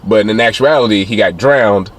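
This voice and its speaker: A man casually recapping a film's plot as a reviewer, rambling with many fillers. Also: normal speed. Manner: rambling retelling with many fillers, acting out quotes in a higher voice. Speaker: film reviewer. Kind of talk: casual spoiler recap of a film.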